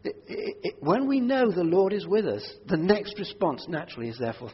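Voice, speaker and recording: A man preaching a sermon to a church congregation, earnest, moving between quiet prayerful asides and loud emphatic declarations. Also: high voice, sing-song, normal speed, hardly any pauses, breathy edge. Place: church hall. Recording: dull audio with long hall reverb.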